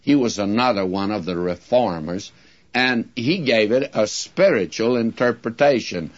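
A man teaching from the Bible in a sermon, deliberately drawing out key words and speaking directly to his listeners. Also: on the low side, lively intonation. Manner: addresses listeners directly, folksy asides. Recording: dull lo-fi recording.

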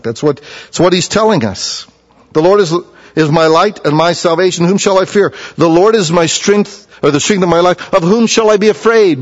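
A middle-aged man preaching with a fairly high voice, telling stories in a folksy way. He drops low and quiet, then rises loud and emphatic. The recording sounds dull and lo-fi. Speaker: pastor. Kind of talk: sermon.

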